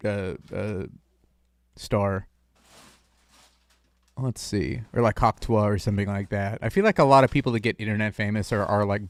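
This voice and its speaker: A man's voice: lowish voice, no room sound, studio quality. Rambling jokey male streamer. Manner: rambling, jokey, lots of filler. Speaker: streamer host taking calls. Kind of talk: casual chat.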